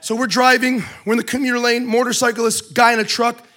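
A man speaking to a church audience, telling a humorous story with lively, joking asides. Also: very high-pitched, brisk. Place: in front of a live audience in a room.

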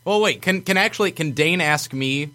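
A man co-hosting a sports podcast, excitably talking himself through his guesses in a quiz. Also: a little high, moderate pace. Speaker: podcast co-host. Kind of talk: casual sports banter.

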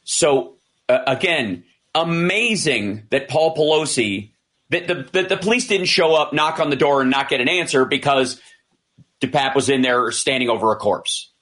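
A man talking things through in a loose, conversational way, circling back and restarting his sentences. His pitch sits in the usual middle range for a man. He slips into quoted lines as he retells what happened. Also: moderate pace. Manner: animated retelling, acting out quoted dialogue; frequent restarts and fillers. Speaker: commentator. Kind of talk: casual discussion.

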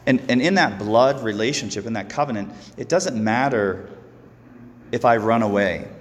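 A man who is a Catholic priest giving a sermon, earnest and slow, often repeating words as he goes. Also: medium pitch, in a large hall.

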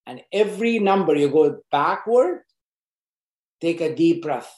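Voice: mid-range voice, lively intonation, a little slow, a little mellow. Earnest job coach in a roomy echo. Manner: earnest, coaching, repeats points for emphasis; loose, unscripted phrasing with frequent restarts. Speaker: job advice presenter. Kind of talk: casual advice talk to camera.

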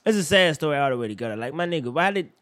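A young man co-hosting a casual chat, animated and profane with loud outbursts, sounding tired. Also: a little high, rapid-fire. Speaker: podcast co-host.

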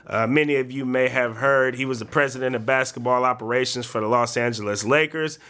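A man hosting a casual sports talk show, laying out his opinions at length in a measured way. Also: mid-range voice, fairly even intonation, pushed and bright. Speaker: show host.

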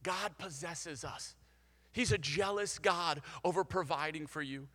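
A young man preaching a sermon, energetic and conversational, leading the congregation to repeat after him. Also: a little high, a little slow, long reverb tail. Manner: energetic, conversational, leads call-and-response. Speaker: pastor.

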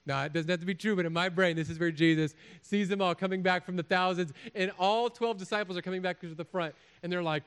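A man's voice: high voice, fast, few pauses, clear, resonant tone. A man preaching a sermon as a pastor, telling jokey stories and acting out little voices. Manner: animated, jokey storytelling with acted-out voices.

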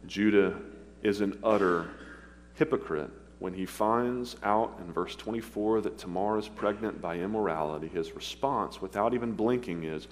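Deep-voiced preacher in a reverberant church. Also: male voice. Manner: earnest, pleading, with confessional pauses. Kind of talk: sermon. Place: church sanctuary. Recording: long hall reverb, faint hum.

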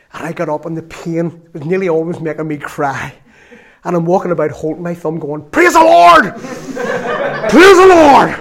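A man giving an earnest, storytelling sermon that rises into loud exclamations. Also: on the high side. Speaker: lay preacher.

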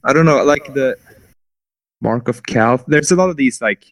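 A man's voice: mid-range voice, moderate pace, no echo. A man chatting casually about books, hesitant and musing, with many fillers.

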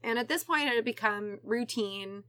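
Bright-voiced woman telling a crime story. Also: on the high side, normal speed, dry recording, studio quality. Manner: casual, profane, acts out quotes. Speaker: podcast host telling a true crime story. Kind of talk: casual storytelling chat.

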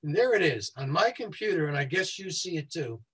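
Husky man speaking fast and explaining. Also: on the high side, big pitch swings, fairly bright tone, poor audio. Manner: talks quickly and explains things step by step. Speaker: safety consultant. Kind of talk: guest explaining a website walkthrough.

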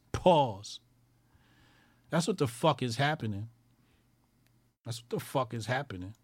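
A man's voice: medium pitch, no room sound. A man hosting his own commentary show, ranting crudely with constant swearing, mocking people and repeating lines for emphasis.

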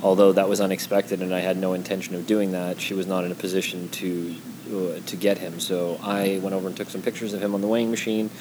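A man's voice: low-pitched, level tone, fast talker, hardly any pauses. A man in casual conversation, speaking earnestly and reflectively, often restarting his sentences. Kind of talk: casual chat. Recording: noticeable background noise.

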